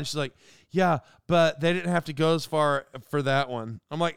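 A middle-aged podcast host delivers a casual monologue, rambling through stories in an animated, self-mocking way. His voice is on the high side and smooth, at a moderate pace, recorded with studio quality and no room sound.

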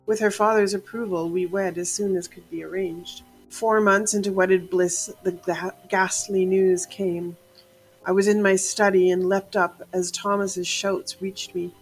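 Woman narrator for gothic horror, measured and somber, low flat delivery over faint music. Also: low-quality recording. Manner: measured, somber first-person telling.

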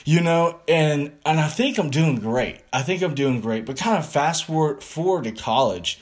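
A man's voice: on the high side, normal speed. A young man with a Southern American accent, telling his faith story casually on a podcast and acting out his past thoughts. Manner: animated storyteller, acts out his past thoughts, laughs easily. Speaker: podcast co-host sharing testimony. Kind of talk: casual conversational testimony.

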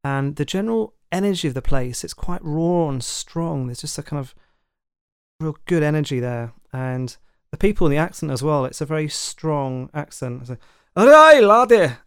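A man's voice: fairly high pitch, normal speed, darkish tone, smooth, dry recording, clean studio sound. A man with a London accent hosting a podcast, talking casually and chattily with fillers and asides. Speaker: podcast host. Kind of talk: casual monologue.

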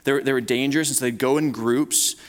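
A man in the middle of a sermon, talking in a relaxed, conversational way that often stops and restarts. His mid-pitched voice carries a long reverb from the church hall around him. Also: quick pace. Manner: conversational, with frequent restarts and repeated words. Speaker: pastor. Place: church sanctuary.

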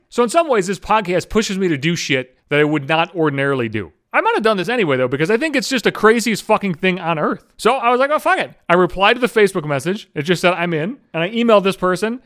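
A middle-aged man runs his podcast alone, telling a story at a rapid clip. His voice sits high for a man and swings all over the place. He swears constantly and slips into mocking voices for the people in the story. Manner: animated, heavy swearing, mocking quoted voices. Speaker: podcast host. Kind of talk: profane solo storytelling.

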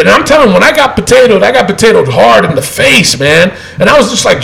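Profane ranting man, gravelly. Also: high-pitched, lively intonation, quick pace, a bit bright, low-quality recording. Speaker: co-host. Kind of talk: heated casual chat.

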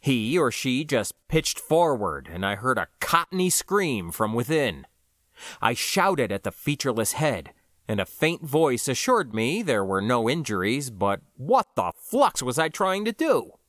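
Expressive male audiobook narrator, dry sound. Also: mid-range voice, measured pace, no echo. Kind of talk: first-person audiobook narration.

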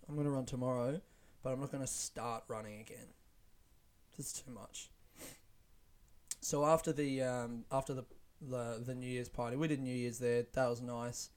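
A man's voice: mid-range voice, a little mellow. A young man hosting a casual solo podcast, rambling with frequent swearing and laughing at his own jokes. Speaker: podcast host.

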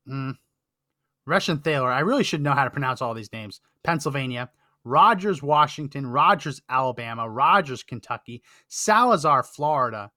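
A man's voice: medium pitch, sharp tone, no room sound, clean studio sound. A man hosting a political podcast, reading out a long list of names with sarcastic asides that drop to a mutter.

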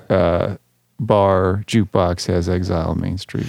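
A young man hosting a casual chat, telling stories in an animated, rambling way with many fillers. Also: deep voice, a little slow, creaky, no echo.

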